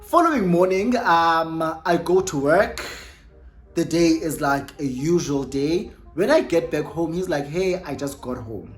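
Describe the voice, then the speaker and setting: A young South African woman with a low voice tells a chatty storytime, often correcting herself mid-thought. Faint music sits under her voice. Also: measured pace. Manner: chatty, self-correcting, mixes in Xhosa words. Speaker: YouTuber. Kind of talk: casual storytime vlog.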